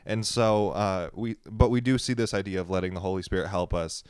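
A man co-hosting a church talk, teaching in a relaxed, wry way with lots of "uh" fillers. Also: sits low, brisk, clean tone, no room sound, clean studio sound.

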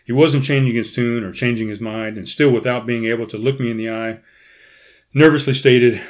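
A man, host of a podcast, reading his own memoir chapter aloud with dramatic dialogue and quiet offhand asides. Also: moderate pace. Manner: animated, pitch jumps up in quoted dialogue, quiet asides.

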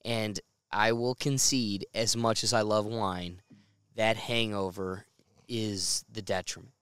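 A man hosting a relaxed beer-tasting podcast, rambling through long explanations and laughing often. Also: lowish voice, slow, clear, resonant tone, dry recording, studio quality. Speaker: podcast host. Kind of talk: casual chat over beers.

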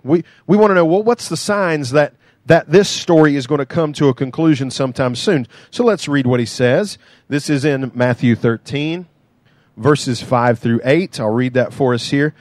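A man preaching a sermon in a conversational, animated way, with playful asides to the congregation. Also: mid-range voice, normal speed, dry recording. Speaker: pastor.

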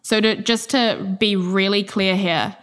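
A woman's voice: medium pitch, fairly even intonation, measured pace, fairly bright tone, clean tone. A young woman, co-hosting a casual chat, talking bluntly and emphatically and swearing freely. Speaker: podcast co-host. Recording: reverberant room.

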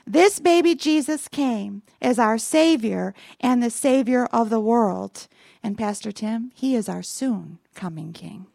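A woman's voice: fairly high pitch, lively intonation, measured pace, gravelly, warm tone, dry recording. A woman pastor preaching a Christmas sermon, calling on the congregation to repeat after her. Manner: preaching with call-and-response asides to the congregation.

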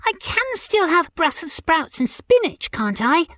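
A woman's voice: very high voice, sing-song, unhurried, fairly bright tone, no room sound, clean studio sound, voice pushed up, exaggerated voice. A woman doing a prim, goody-goody little boy. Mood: earnest. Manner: earnest, eager to please. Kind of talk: storybook reading.

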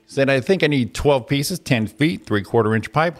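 Over soft background music, a man hosting morning radio tells an exasperated, swear-filled story as casual ranting chat, bringing its characters to life through animated quoted voices. His voice is mid-range and his pace moderate.

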